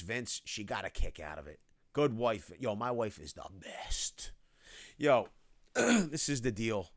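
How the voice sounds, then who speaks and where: A man hosts a casual livestream Q&A, calling out viewers' names and answering their questions. His pitch swings widely and he sounds animated. The recording is dry and close, with no room sound. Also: no room sound. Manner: animated, reads chat names aloud, shout-outs. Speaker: livestream host. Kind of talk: casual livestream Q&A, reading chat.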